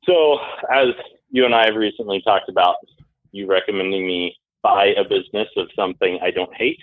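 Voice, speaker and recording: A man's voice: fairly low pitch, a little fast, no echo. A man from Texas calling in, talking casually with rhetorical tag questions. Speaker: caller. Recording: tinny phone line.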